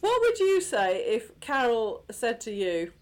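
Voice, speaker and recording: Animated woman, swearing in casual chat. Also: fairly high pitch, measured pace. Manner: animated, swears freely, laughs often. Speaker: podcast co-host. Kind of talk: casual chat reviewing a TV episode.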